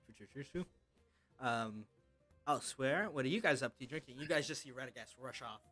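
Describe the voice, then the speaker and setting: A man narrating as game master, telling a tabletop game in a casual, halting way. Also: medium pitch, fairly bright tone, faint music behind.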